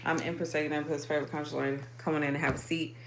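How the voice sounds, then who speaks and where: A woman's voice: low voice, little pitch movement, racing, noisy background. A woman hosting a spiritual livestream sermon, speaking in with emphatic, repetitive affirmations and profanity.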